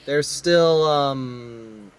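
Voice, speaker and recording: A man's voice: medium pitch, very slow, clean tone. A man chatting casually about a movie he just saw, rambling and restarting his sentences with wry asides, recorded inside a car. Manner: rambling, self-interrupting, wry. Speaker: co-host. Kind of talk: casual movie review chat.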